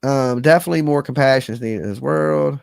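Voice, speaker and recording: A middle-aged man chatting with his stream viewers in an earnest, rambling, folksy way, dropping slang as he goes. His voice is of average pitch. The sound is dry and close, with no room around it. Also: fast, creaky, clean tone, dry recording. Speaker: live-stream host. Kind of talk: casual live-stream chat.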